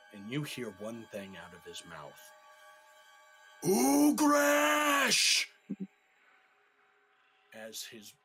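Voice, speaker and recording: A male game master narrates a tabletop game slowly and dramatically. His low voice has a bright, forceful edge, with faint music playing behind. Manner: dramatic, measured storytelling.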